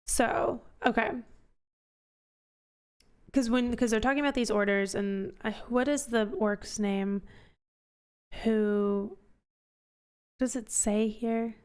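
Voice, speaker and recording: A woman's voice: fairly high pitch, steady tone, slow pace, long pauses, a little mellow, clean tone. A woman hosting a casual book club discussion, chatty and thinking aloud with many fillers and restarts.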